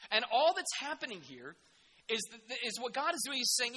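High, bright-voiced preacher in an echoing hall. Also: male voice, a little fast, slightly rough. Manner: animated, jokey and sarcastic, with sudden emphatic outbursts. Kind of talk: sermon.

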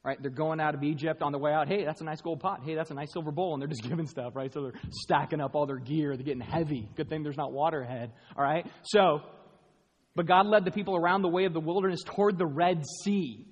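A man preaching a sermon to a room of people, animated and playful, acting out quick voices and jokey asides. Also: on the high side, breathy edge. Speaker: pastor. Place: large room with an audience. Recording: long hall reverb.

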